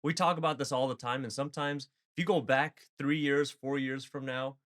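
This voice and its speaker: A man's voice: mid-range voice, fairly even intonation, fairly quick, fairly bright tone. A man co-hosting a casual podcast, talking loosely and steering the chat with questions. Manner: conversational, leads the topic with questions. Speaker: podcast co-host.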